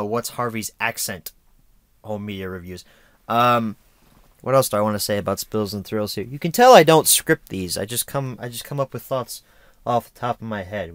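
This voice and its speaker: A young American man talks through a review off the cuff, rambling and joking at his own expense. His pitch swings up and down a lot, and the recording is dry and close with no room sound. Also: fairly bright tone, dry recording. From United States. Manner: rambling, self-mocking, sarcastic asides. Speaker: home video reviewer. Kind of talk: unscripted casual review.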